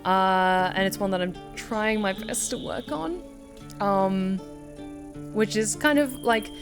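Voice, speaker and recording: A woman voice actor chats casually while she plays a game on stream at home. She is reflective and self-deprecating, with a mid-range voice. Game music plays clearly behind her words. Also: medium pitch, slow. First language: not originally American. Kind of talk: casual gameplay commentary.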